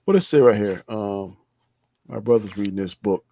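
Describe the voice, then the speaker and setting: A man's voice: on the low side, normal speed, vocal fry. A man teasing a friend in casual live-stream chat. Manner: playful teasing, animated. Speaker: co-host.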